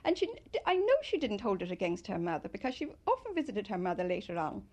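An older woman from Ireland, fondly recalling her childhood in an interview and telling it in an animated way. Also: medium pitch, fast. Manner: fond, animated storytelling with loud mimicry. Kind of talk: reminiscing interview.

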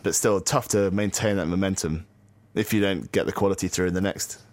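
Deep-voiced man chatting, dry sound. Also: steady tone, brisk, dry recording. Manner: teasing, chatty, trails off with fillers. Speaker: podcast co-host. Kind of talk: casual chat about cricket.

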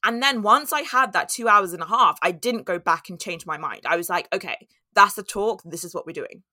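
A woman's voice: mid-range voice, a little fast, pushed and bright, no echo, clean studio sound. A woman, hosting a podcast and talking through her own story in a candid, storytelling way. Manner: candid and storytelling, with laughs and acted-out inner voices. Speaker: podcast host. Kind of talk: reflective solo talk.

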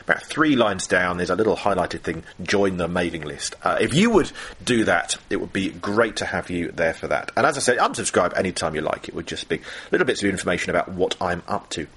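A man hosting a podcast, delivering a friendly scripted segment at an even pace. His voice sits low with a husky edge. The sound is close and clean. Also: brisk. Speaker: podcast host.

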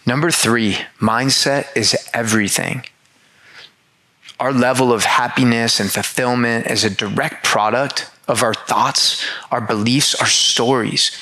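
A man's voice: mid-range voice, steady tone, unhurried, sharp tone, low-quality recording. A man speaking directly to listeners in an earnest motivational monologue, heartfelt and emphatic, repeating words for emphasis and swearing casually.

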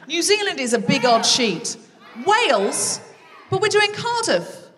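A woman's voice: sits high, sing-song, a little slow, recorded from a distance. Woman comedy host on stage, playful banter with the crowd; live reverberant hall, off-mic feel. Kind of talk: live stand-up crowd work. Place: large theatre with a live audience. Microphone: stage microphone.

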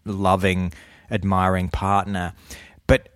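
A man in casual conversation, acting out quoted voices in a hushed whisper. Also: low voice, completely flat delivery, slow pace, no room sound, clean studio sound. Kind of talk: casual chat.

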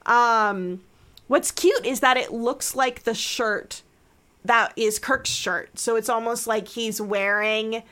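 Unhurried bright-voiced woman podcaster. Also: on the high side, fairly even intonation. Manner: chatty, retelling scenes with voices. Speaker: podcast co-host. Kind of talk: casual chat recapping a TV episode.

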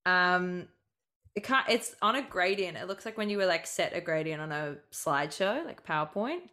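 A woman's voice: on the low side, animated, moderate pace, sharp tone. A woman hosting a podcast, chatty and giggly, swearing freely in casual chat. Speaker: podcast host.

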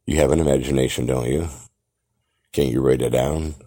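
A man's voice: a bass voice, fairly even intonation, normal speed, dark tone. A man hosting a podcast, delivering a grandiose, theatrical monologue that lectures the listener. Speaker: podcast host. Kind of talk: grandiose self-promoting monologue.

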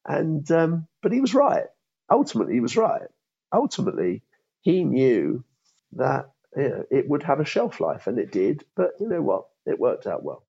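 Gravelly fifty-something man, dull lo-fi sound. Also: a little high, huge pitch swings, normal speed, darkish tone. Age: 50s. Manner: reflective, with frequent restarts. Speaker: guest, former law firm CEO. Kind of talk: interview conversation.

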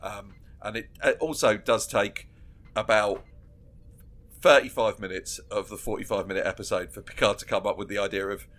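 A man's voice: on the low side, steady tone, moderate pace, fairly bright tone. A man co-hosting a casual podcast chat, laughing often and acting out scenes as he retells them. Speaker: podcast co-host.

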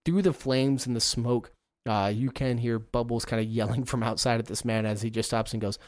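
A man's voice: medium pitch, fairly quick, no room sound. Male game master, playful narrator, dry close sound. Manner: lively narration with playful put-on voices.

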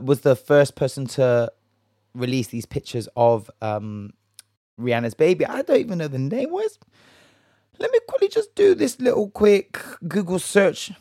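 A man's voice: mid-range voice, no room sound. Guy rambling thru celeb gossip, bit tipsy, swears, dry close sound. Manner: chatty, jokey, swears freely, rambling asides. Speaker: podcast host. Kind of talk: casual solo gossip chat.

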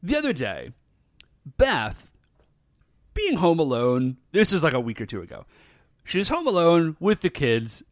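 A lively American man co-hosting a casual podcast, his pitch swinging up and down as he tells stories and laughs along. His voice sits a bit high for a man. The sound is close and dry, with no room behind it. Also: a little slow, long pauses, no room sound. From United States. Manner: animated storytelling, laughs often. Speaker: podcast co-host. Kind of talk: casual chat.

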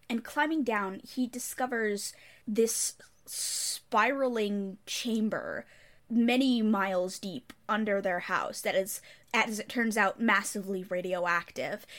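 Woman, podcast co-host, casual chat, mid-range voice, matter-of-fact explainer. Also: mid-range voice. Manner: summarizes at length, then pushes back firmly in debate.

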